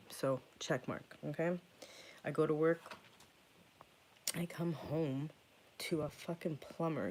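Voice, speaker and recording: A man telling a rambling, profanity-laced story to camera in a casual vlog, often dropping to a hushed whisper. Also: fairly high pitch, slight background noise. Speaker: occult channel host.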